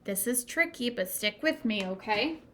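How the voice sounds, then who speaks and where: A woman teaching a phonics lesson to young students at a whiteboard, sounding out words slowly and patiently. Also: a little high, expressive, fairly bright tone. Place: classroom at a whiteboard.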